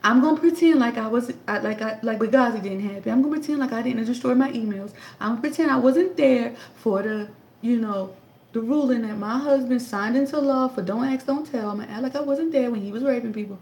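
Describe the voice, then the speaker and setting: Gravelly woman ranting with sarcastic asides. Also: on the high side, brisk, darkish tone. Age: 30s. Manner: emphatic, rhetorical questions, sarcastic asides. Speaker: political commentator. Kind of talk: casual political commentary. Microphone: tablet. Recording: echoey room.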